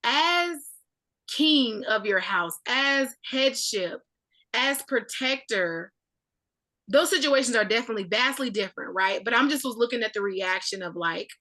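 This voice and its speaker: A woman's voice: medium pitch, sharp tone. A woman leading a casual Bible study discussion, talking thoughtfully with many filler likes.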